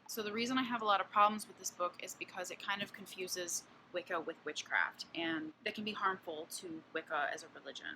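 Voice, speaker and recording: Bright-voiced young woman reviewing books. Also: fairly low pitch, brisk, few pauses, a little hiss or hum. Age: 20s. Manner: blunt and candid, with frequent swearing and fillers. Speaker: book reviewer. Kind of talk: casual book review vlog.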